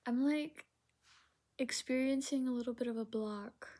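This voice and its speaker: A young adult woman giving a casual tarot reading, musing slowly and dreamily with many fillers. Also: on the high side, steady tone, warm tone. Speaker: tarot reader.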